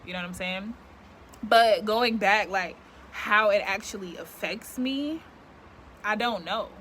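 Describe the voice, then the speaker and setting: A woman's voice: medium pitch, measured pace, a bit bright, a little hiss or hum. A young woman talking candidly to camera outdoors, rambling and reflective with lots of filler words. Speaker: vlogger. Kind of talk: casual reflective talk to camera. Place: outdoors, yard work nearby.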